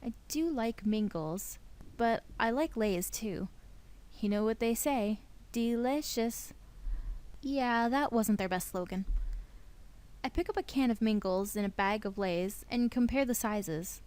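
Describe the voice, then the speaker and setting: A young woman hosting a let's play, reading a visual novel's narration aloud in a playful, expressive way. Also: a little high, measured pace, smooth.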